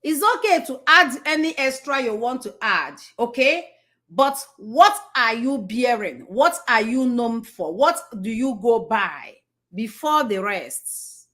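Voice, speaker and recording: A woman's voice: a little high, lively intonation, takes it slowly, a bit bright. A middle-aged woman with a Nigerian accent gives a conversational motivational talk, repeating herself, restarting sentences and asking the audience questions. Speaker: speaker addressing an audience.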